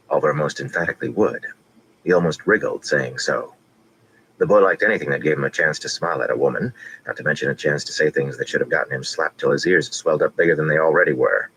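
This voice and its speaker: A man narrating a fantasy audiobook with steady, measured reading. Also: very deep voice, slight background noise, poor audio.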